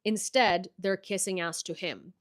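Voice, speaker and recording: A woman from Ukraine with an American accent talks through the news on her livestream. Her voice sits a little low, and she speaks bluntly and sarcastically, often swearing. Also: a little slow. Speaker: livestream host. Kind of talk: casual political commentary livestream.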